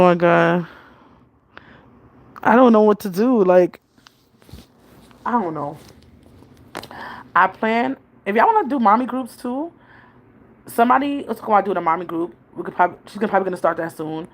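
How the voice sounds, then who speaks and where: A woman, chatting casually to her viewers in a rambling way and laughing often. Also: medium pitch. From New York City. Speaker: vlogger, mother. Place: home, New York.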